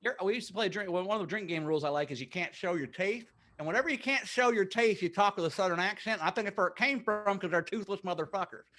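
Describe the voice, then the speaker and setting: A high, bright male voice spinning a funny family story. He talks over a video chat in an animated, rambling way. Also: quick pace, hardly any pauses. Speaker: guest comic. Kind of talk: casual comedy chat.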